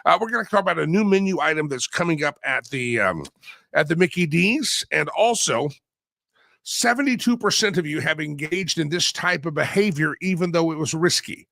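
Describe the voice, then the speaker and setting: A man hosting a talk radio show, his voice hoarse and raspy and wearing out, talking in an animated, teasing way that swings between projecting and mumbling. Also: fairly high pitch, moderate pace, dry recording, studio quality. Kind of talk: opinionated talk radio monologue.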